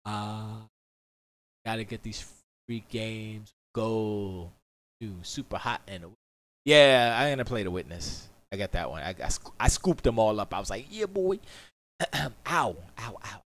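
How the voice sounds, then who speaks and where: A man's voice: lowish voice, a little slow, a bit bright. A man chatting casually on a live stream from his home studio, rambling and opinionated, often mocking what others say.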